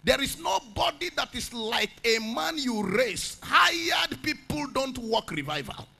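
Pastor preaching at a camp meeting, high, animated pitch, bright gravelly voice, shouts and chants his lines. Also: unhurried. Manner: preaching in rising shouts and chanted phrases, praying in tongues. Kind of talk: sermon.

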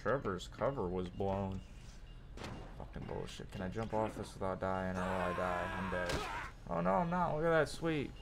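A man's voice: sits low, animated, moderate pace, background noise. Foul-mouthed young male game streamer. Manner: profane, irritable ranting. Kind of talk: live gameplay commentary. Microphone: desk mic with facecam.

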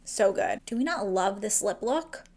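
Young woman from New Jersey, gravelly vocal fry, chatty and gushing beauty vlogger at home. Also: medium pitch, animated, moderate pace, a little mellow. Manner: chatty, gushing, swears casually. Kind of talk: casual makeup tutorial. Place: at home, indoors.

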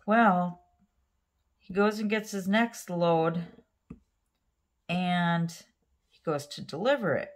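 A woman nail art vlogger chatting casually while doing her nails, telling a rambling story with lots of fillers and sometimes dropping to a soft near-whisper as she works. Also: fairly low pitch, slow, pauses often.

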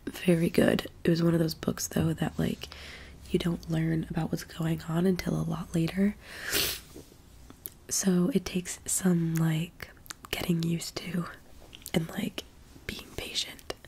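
A young woman who is sick with the flu, talking in a soft-spoken, half-whispered ASMR ramble full of fillers. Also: low-pitched, level tone, slow pace, vocal fry, pauses often, a little hiss or hum. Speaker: ASMR channel host.

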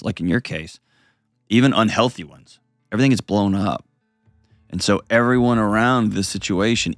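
A man's voice: lowish voice, no room sound, studio quality. A man hosting a call-in advice show, blunt and emphatic, repeating phrases for weight. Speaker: host giving advice to a caller.

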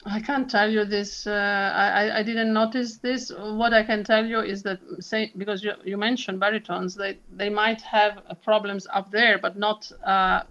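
A woman's voice: medium pitch, little pitch movement, moderate pace, hardly any pauses, fairly bright tone, dull audio. A woman, a soprano and vocal coach, talking expressively in an interview and demonstrating sounds. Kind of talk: animated interview chat.

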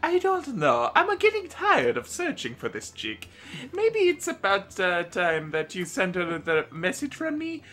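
A man voicing a crude, joking male plumber hero in a mock-gruff way. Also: sits high, huge pitch swings, a little slow, fairly bright tone, soft background music, voice pushed up, exaggerated voice. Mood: bored. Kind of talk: casual game voice-over.

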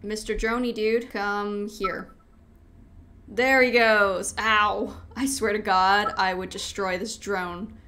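A woman's voice: mid-range voice, fairly even intonation, slow, pushed and bright. A woman playing a horror video game, chatting to the game as she goes and crying out in panic when it frightens her. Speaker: gaming video host.

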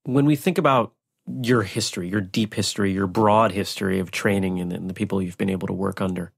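A man hosting a podcast interview, asking measured, reflective questions. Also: sits low, steady tone, creaky, breathy edge. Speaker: podcast host.

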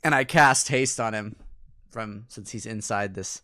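A man playing a tabletop game, talking quickly and animatedly, with frequent stammered restarts. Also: fairly low pitch, pushed and bright. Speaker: player.

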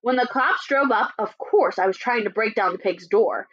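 A woman teacher voicing a sly, chatty male wolf as she reads a storybook aloud in a lively, playfully indignant way. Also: fairly high pitch, moderate pace. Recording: dull lo-fi recording.

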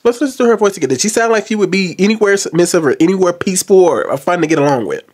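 A man commenting on a video clip to his viewers, jumping between loud outbursts and low, quiet asides. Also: animated, racing, breathy edge. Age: adult. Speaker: reaction commentator. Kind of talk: casual commentary to camera.

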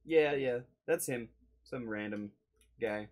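A man's voice: medium pitch, slow. A man playing a tabletop game, joking and laughing often. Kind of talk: casual in-character and table talk.

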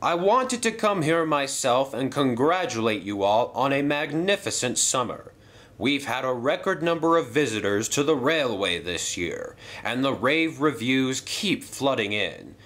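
A man's voice: medium pitch, lively intonation, a little slow, a bit bright, voice pushed up. A man voicing a formal, authoritative older male railway boss in a toy train story.

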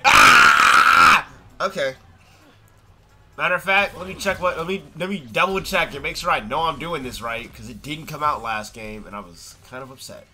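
A young man streaming a fighting game, commenting live with excitable yelps and trash talk. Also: fairly high pitch, fairly quick.

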